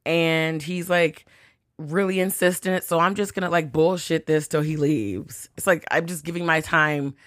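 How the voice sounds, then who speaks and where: A woman's voice: low-pitched, fairly even intonation, normal speed, fairly bright tone, no echo, clean studio sound. A woman hosting a podcast, telling a story in a chatty, profane way, full of fillers and acted-out quotes. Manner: chatty, profane, heavy use of "like", acts out quotes. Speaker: podcast host. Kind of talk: casual storytelling. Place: New York City.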